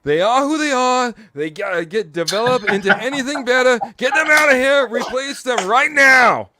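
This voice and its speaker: A man doing an impression of a passionate male sports talk host who rants loudly. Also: very high voice, expressive, moderate pace, a crowd in the background, pitched above the performer's own voice. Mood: ranting. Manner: screaming, ranting.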